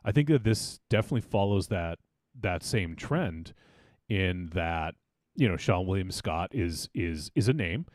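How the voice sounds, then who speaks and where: A man's voice: low-pitched, lively intonation, a little slow, no room sound, clean studio sound. A man hosting a podcast, chatting casually about a film and rambling with many fillers and restarts. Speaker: podcast host.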